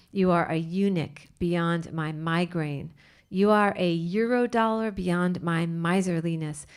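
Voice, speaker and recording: A woman reads a poem aloud in a slow, deliberate cadence. Her voice is low and very crisp, each word set down with care. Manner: slow, measured, careful reading. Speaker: poem reader. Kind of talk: poetry reading.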